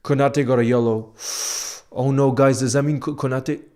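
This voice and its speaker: A man's voice: mid-range voice, steady tone, moderate pace, a little mellow. A man live-reacting to a football match for his viewers, emotional and outspoken, often saying "bro" as he swings between outrage and glum reflection. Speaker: football fan streamer. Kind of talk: live match watchalong commentary.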